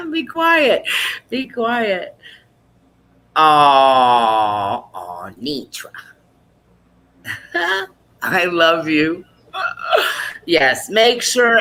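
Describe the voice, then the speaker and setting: Woman, group host, bright and lively, teasing casual chat. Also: on the low side, slow pace, pauses often, poor audio. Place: online video meeting.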